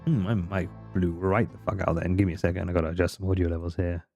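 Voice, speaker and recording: Playful low-voiced streamer man. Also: fairly even intonation, fast, darkish tone, highs cut off, soft background music. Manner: playful, chatty with chat. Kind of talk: live-streamed game narration.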